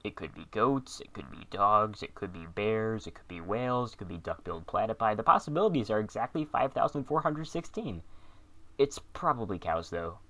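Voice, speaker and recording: Sarcastic male comedy host, low voice with lively swings, deadpan scripted delivery. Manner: sarcastic, deadpan, quick asides.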